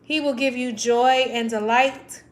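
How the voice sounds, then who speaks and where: A woman's voice: fairly high pitch, fairly even intonation, unhurried. A woman reading tarot cards on a livestream, talking effusively and getting emotional. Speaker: tarot reader.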